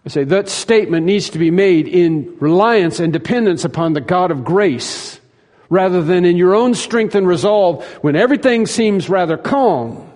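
Emphatic preacher in a reverberant hall. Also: male voice, sits high, lively intonation, moderate pace, a little mellow. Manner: emphatic, repeats phrases for stress, acts out quoted lines. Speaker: pastor. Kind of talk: sermon.

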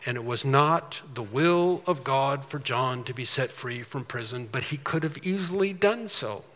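A pastor preaches a sermon emphatically, swinging between quiet asides and loud, drawn-out declarations. His voice is medium-pitched, and the audio carries a long reverb tail.

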